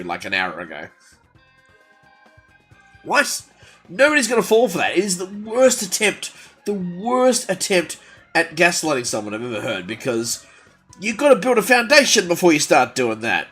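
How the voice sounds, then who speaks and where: Animated, jokey male gaming streamer. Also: fairly high pitch. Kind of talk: casual livestream chat while gaming.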